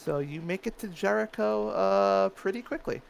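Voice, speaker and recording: A man's voice: high-pitched, moderate pace, vocal fry, poor audio. A man narrating as game master of a tabletop game, hesitant and full of fillers.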